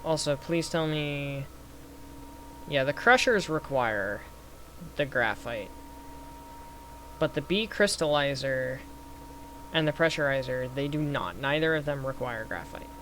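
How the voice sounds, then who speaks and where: Slow-talking young man doing gameplay commentary. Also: medium pitch. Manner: thinks aloud, working through numbers; excited bursts. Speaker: gaming youtuber. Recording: faint background noise.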